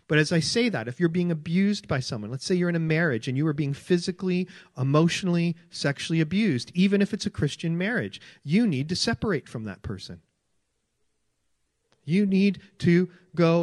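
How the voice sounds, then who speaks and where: A man's voice: fairly high pitch, sing-song, brisk, no echo, clean studio sound. A man preaching a sermon in an earnest, conversational way, often repeating his phrases. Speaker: pastor.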